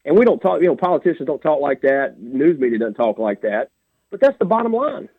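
A man's voice: fairly high pitch, very animated, brisk, husky, dry recording. Blunt man on a phone line. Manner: blunt, plain-spoken, emphatic. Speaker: sheriff candidate, radio guest. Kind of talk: phone-in radio interview. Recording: tinny dry phone line.

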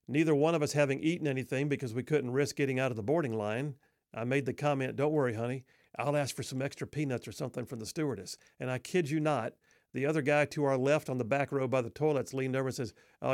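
A man's voice: mid-range voice, dry recording, studio quality. A middle-aged man telling a humorous personal story in a wry, self-deprecating, folksy way.

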